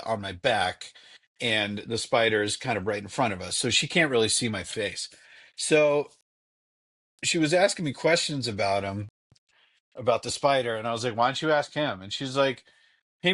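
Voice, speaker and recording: Rambling dad telling home stories. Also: male voice, mid-range voice, fairly bright tone. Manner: rambling, filler-heavy anecdotes. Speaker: guest, father. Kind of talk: casual storytelling. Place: home basement.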